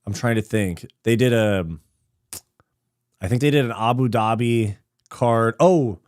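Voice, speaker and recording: A man's voice: medium pitch, unhurried, dry recording, clean studio sound. A man from California, hosting a live fight watch party in a casual, slangy and profane way. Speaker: host.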